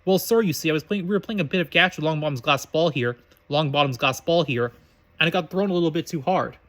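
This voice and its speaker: A man's voice: a little high, fast talker, a bit bright, close to an everyday voice. A man reading as a glib young wizard. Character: cocky young wizard boy, glib and amused.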